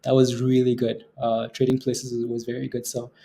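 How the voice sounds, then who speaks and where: Man, livestream host, mellow dark tone, easygoing chatter, repeats himself, reads viewer comments. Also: mid-range voice, moderate pace. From Canada. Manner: relaxed, laughs often, repeats phrases. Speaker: day trading livestream host. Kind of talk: casual livestream chat reading viewer comments.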